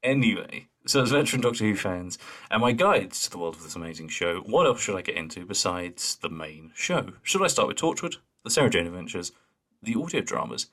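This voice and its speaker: A man's voice: low-pitched, very animated, a little fast, a bit bright. A man co-hosting a fan podcast in casual chat, joking and swearing, reading listener emails aloud. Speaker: podcast co-host.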